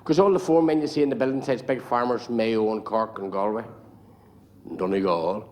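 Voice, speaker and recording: A man's voice: on the low side, steady tone, fairly quick, darkish tone. An Irish man telling jokes in a live stand-up set, in a chatty, rambling way. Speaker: stand-up comedian.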